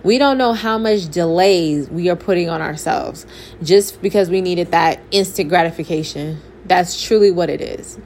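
A young adult woman, a faith vlogger, shares a candid and somewhat preachy testimony, talking casually and directly to her viewers. Her voice sits fairly low, with a darkish tone and a moderate pace. There's faint background noise in the recording.

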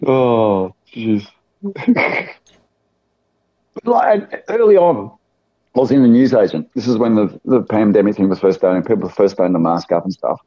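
A man's voice: fairly low pitch, animated, moderate pace, no echo. A man from South Australia, chatting casually and telling rambling anecdotes, acting out the people in them. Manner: rambling anecdotal storyteller, acts out quoted voices. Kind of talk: casual chat. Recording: dull lo-fi sound.

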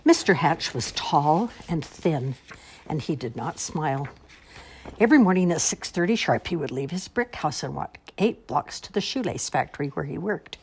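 A woman reads a children's storybook aloud in a low voice. Her pitch rises and falls with lively expression. The telling is slow and careful. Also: breathy edge. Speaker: storybook reader.

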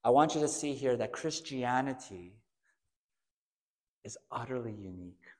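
A man preaching a sermon as pastor, swinging between hushed asides and loud, emphatic outbursts. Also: medium pitch, animated, a little slow, in a large hall.

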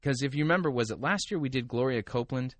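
A man's voice: mid-range voice, fast, no echo. Wry, sarcastic male podcast host. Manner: wry, hesitant restarts, sarcastic asides. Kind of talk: casual commentary and reading aloud.

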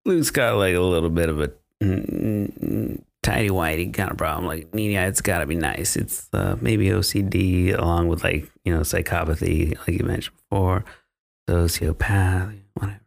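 A man's voice: low-pitched, moderate pace, gravelly. A man recapping a film plot on a podcast in a rambling, profane, casual way, with frequent laughter and fillers. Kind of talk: casual chat.

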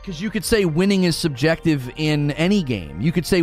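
Male streamer, somewhat high voice, exasperated rant, faint music behind. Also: very animated, fairly quick, few pauses. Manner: argumentative, sarcastic, exasperated. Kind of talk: ranting commentary.

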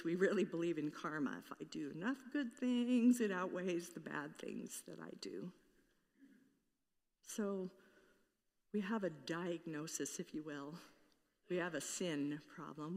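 A woman's voice: fairly low pitch, a little slow, big-room sound. A woman pastor preaching a sermon in an earnest way, now and then acting out the voices she quotes.

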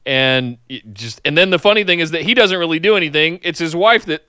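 A man co-hosting a casual chat, joking around and quick to laugh. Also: a little high, smooth, no echo. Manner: jokey, animated, breaks into laughter. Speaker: podcast co-host.

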